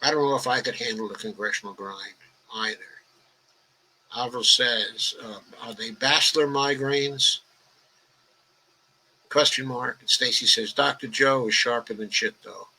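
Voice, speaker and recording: A man's voice: mid-range voice, fairly even intonation, unhurried, pauses often, bright, forceful tone, low-quality recording. An elderly man, hosting a political livestream. He reads out viewer comments and answers them in a rambling, conversational way full of "okay" and "uh". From New York, the Bronx. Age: 80s.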